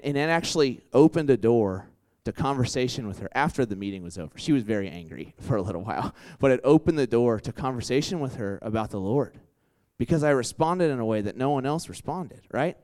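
Smooth-voiced young man preaching casually. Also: mid-range voice, expressive, fairly quick, a little mellow. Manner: conversational, lots of "like" and restarts, acts out quotes. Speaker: campus ministry preacher. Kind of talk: casual sermon with anecdotes.

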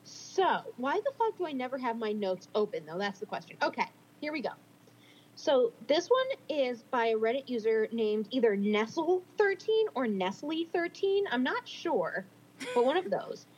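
A woman's voice: fairly high pitch, sing-song, normal speed, husky, muffled recording. A young woman co-hosting a casual podcast, laughing easily, swearing casually and reading a story aloud. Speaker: podcast co-host.

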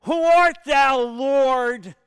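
A man's voice: extremely high pitch, very slow, a bit bright, dry recording, studio quality, pitched above the performer's own voice, heavily acted. A preacher voicing a dread-struck blinded man. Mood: awed.

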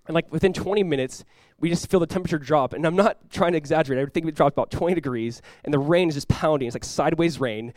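A man, a pastor telling a lively personal story in a sermon, often laughing as he talks. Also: fairly high pitch, fast, no room sound.

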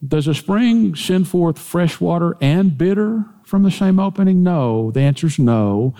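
Emphatic preacher in a reverberant hall. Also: male voice, warm tone. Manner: emphatic preaching, rising in pitch and force on scripture. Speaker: pastor. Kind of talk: sermon.

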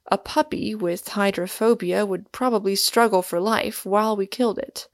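A woman's voice: medium pitch, moderate pace, no room sound, clean studio sound, natural voice. Woman reading as a gloomy old professor. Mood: calm, gloomy. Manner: calm philosophizing, turning to frantic shouts. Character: bald, gloomy, talkative older male professor.

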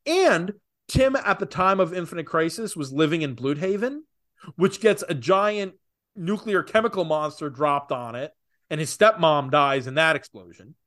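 A man co-hosting a casual podcast, talking opinionatedly with rapid asides. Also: fairly high pitch, lively intonation, a bit bright. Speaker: podcast co-host. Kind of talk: casual comics podcast chat.

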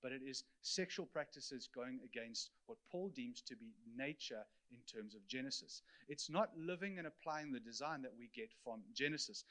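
A man's voice: on the high side, a bit bright. A man preaching an earnest teaching sermon, explaining scripture and speaking directly to his congregation.

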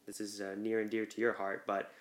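A man talking as a guest on a podcast, telling things in a relaxed, amused way. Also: fairly low pitch, brisk, crowd noise. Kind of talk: casual chat.

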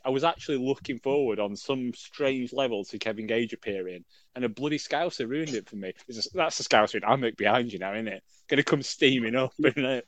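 A middle-aged man co-hosting a casual podcast, rambling and joking with lots of fillers and self-corrections. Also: mid-range voice. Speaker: podcast co-host. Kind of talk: casual chat.

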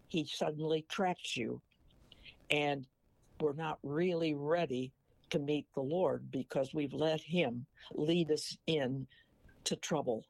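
A man's voice: a little high, steady tone, slow pace, vocal fry, no room sound. A man in his eighties from Missouri, chatting in a folksy way and telling an old joke that leads into a moral. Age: 80s. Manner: folksy storyteller who ends a joke with a moral. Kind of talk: casual chat.

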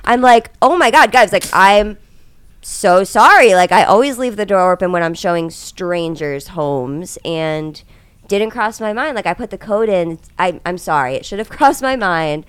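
A woman's voice: on the low side, moderate pace, clean tone, no echo. A young woman, a podcast co-host who tells a story in casual chat, acting out the voices of the people in it and laughing often. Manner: animated, acts out voices in quotes, laughs often.

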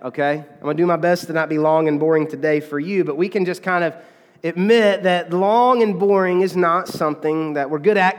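A man's voice: sits high, big-room sound. A man preaching a sermon as pastor, in a conversational, chatty way, often checking in with the congregation. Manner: conversational, with frequent "okay?" and fillers.

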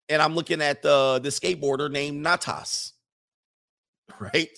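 A man's voice: a little high, gravelly, a bit bright. A middle-aged man, a streamer and coach, chatting loosely and laughing as he reads viewer comments. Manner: loose, laughing, slangy storytelling. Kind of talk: casual livestream chat reading comments.

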